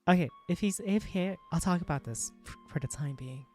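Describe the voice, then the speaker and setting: A woman live-streaming while she works, chatting casually with her viewers. Her voice sits low for a woman and has a mellow, warm tone. She is excitable and keeps breaking into exclamations, with faint music playing underneath. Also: fairly quick, hardly any pauses. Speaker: live streamer and world creator.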